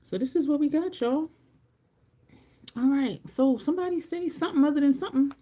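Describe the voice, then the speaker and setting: A woman's voice: high voice, a little fast, mellow. A woman chatting casually on a makeup livestream, rambling and laughing at her own stories. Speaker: livestream beauty host. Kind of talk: casual livestream chat while doing makeup.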